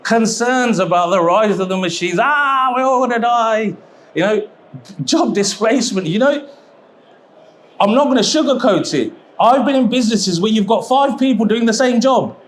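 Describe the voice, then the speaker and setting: Chatty high-voiced man giving a seminar. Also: animated. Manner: chatty, jokey, quick asides. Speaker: presenter at a trade expo seminar. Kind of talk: live seminar talk. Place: exhibition hall seminar.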